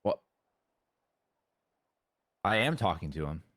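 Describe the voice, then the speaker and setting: A man's voice: sits low, very animated, slow, crowd noise. A man chatting in character as a police officer in an online roleplay, sounding defensive and exasperated. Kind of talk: casual in-character roleplay chat.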